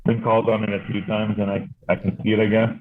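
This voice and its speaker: A man's voice: fairly low pitch, level tone, fast. Rambling Canadian podcast man, tinny. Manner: rambling, swearing, lots of fillers. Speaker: podcast host. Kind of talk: casual chat. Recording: tinny phone-like sound.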